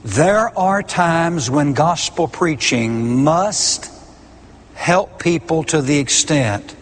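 A man's voice: on the high side, lively intonation, slow, a little hiss or hum. A middle-aged man preaching a sermon, stressing his points by repeating key words. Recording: long hall reverb.

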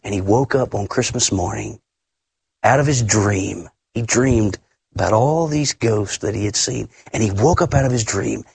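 Husky, emphatic male preacher. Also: normal speed, darkish tone, dry recording. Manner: emphatic, repeats words, big pitch swings. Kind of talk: sermon.

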